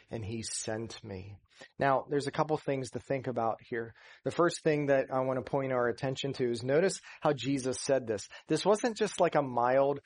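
A man preaching a sermon as pastor of a church, earnest and building to emphatic stress on key points. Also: medium pitch.

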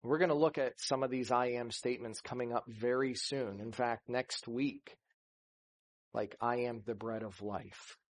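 A man's voice: medium pitch, steady tone, measured pace. A man preaching a sermon, earnest, rising to emphasis and acting out scripture dialogue. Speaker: pastor.

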